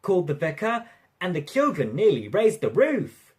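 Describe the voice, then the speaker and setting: A narrator reading a railway storybook aloud in an expressive, lively way. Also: mid-range voice, normal speed, slightly rough.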